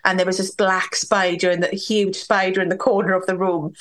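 With a medium-pitched, level voice and a fairly quick delivery, a young woman from Wales shares a personal story candidly as a podcast guest. Her speech is full of "like"s, and she performs others' lines as quoted dialogue.

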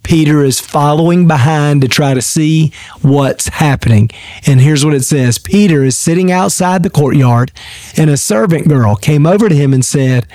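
A male pastor giving a daily devotional, reading scripture and teaching in an earnest, measured way with repeated phrases. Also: fairly high pitch, warm tone, no echo.

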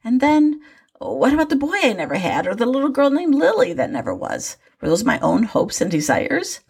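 An older woman with a gravelly, husky voice tells a personal faith story about her grandchildren. Her pitch moves a lot, rising and falling as she goes. She sounds reflective and wry, and often pokes fun at herself. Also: huge pitch swings, normal speed, darkish tone. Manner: reflective, wry, self-deprecating.

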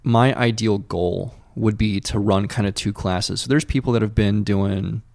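A man's voice: lowish voice, fairly even intonation, a little slow, creaky, a little mellow, dry recording, studio quality. A man who works as a paramedic educator, talking casually as a guest. He uses lots of fillers and acts out his own past reactions. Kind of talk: casual conversation.

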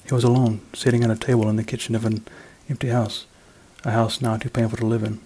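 Man reading a story in a flat, mellow voice. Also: mid-range voice, fast, a little hiss or hum, rough recording. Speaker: author reading his fiction. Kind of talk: reading a short story aloud.

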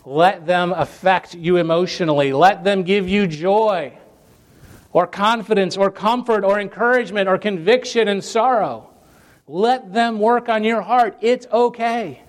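A man's voice: high-pitched, a little slow. A man preaching a sermon to his congregation in an earnest, emphatic way, stacking phrases in lists and repeating them for weight. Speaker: pastor.

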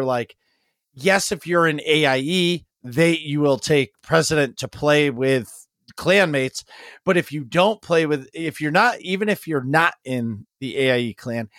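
A man's voice: a little high, fairly bright tone, no echo, studio quality. Rambling, enthusiastic podcast host, a man. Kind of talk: casual chat.

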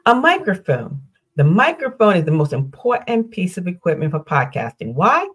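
Husky and lowish, with big swings in pitch, an older woman's voice moves at a moderate pace as she teaches on her solo podcast. She's upbeat, explaining step by step, posing questions and working through lists.

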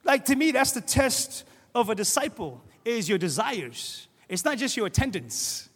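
Middle-aged male pastor, high voice, lively conversational sermon, long hall reverb. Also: moderate pace, husky. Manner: conversational, animated, acts out quoted voices.

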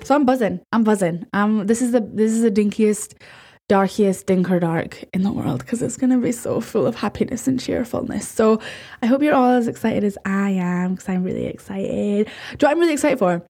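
A woman's voice: mid-range voice, a little fast, creaky. Bubbly Scottish woman podcast host. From Scotland. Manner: bubbly, rambling, excitable. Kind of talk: casual chat.

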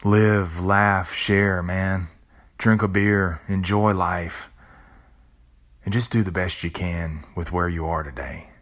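Deep voiced guy doing a reflective podcast talk, earnest, swears casually, repeats himself. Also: fairly even intonation, slow pace, a bit bright. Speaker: podcast host. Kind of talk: reflective spoken monologue.

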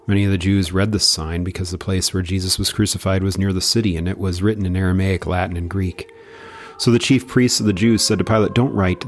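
Guy reading the bible out loud, deep low voice, slow and steady. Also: slight background noise. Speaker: scripture reader.

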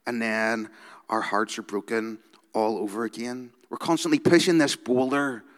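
A Northern Irish youth worker speaks to a gathered audience in an easy, conversational sermon style, tagging his points with quick "okay?" check-ins. His mid-range voice carries a long reverb tail from the large hall around him. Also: mid-range voice, fairly even intonation. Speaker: youth worker giving a talk. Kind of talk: informal sermon talk.

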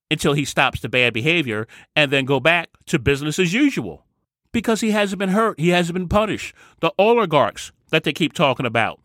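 Bright, emphatic male vlogger. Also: high-pitched, no echo, studio quality. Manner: emphatic, repeats key phrases. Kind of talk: opinion commentary monologue.

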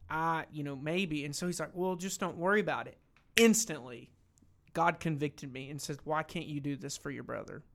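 A man's voice: on the high side, normal speed, creaky. A young man talking earnestly about faith in a casual discussion, emotional and full of restarts. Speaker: lay preacher.

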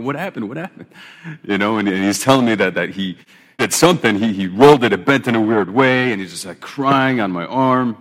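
A man in his thirties preaching a sermon in a relaxed, conversational way, often restarting his phrases. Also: fairly low pitch, big-room sound. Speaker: pastor.

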